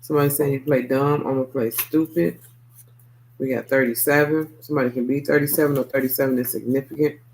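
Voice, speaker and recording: A man's voice: mid-range voice, fairly even intonation, fast, slight background noise, poor audio. A man giving a casual, profane tarot reading, tagging his points with a questioning "okay?". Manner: loose and profane, tags lines with "okay?". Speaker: tarot reader.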